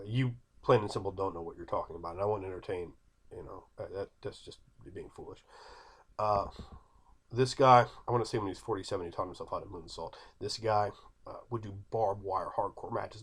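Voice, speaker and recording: In a lowish, slightly rough voice, a man in his thirties who makes videos offers opinionated commentary. He's emphatic and repetitive, arguing his points with a viewer who exists only in his head.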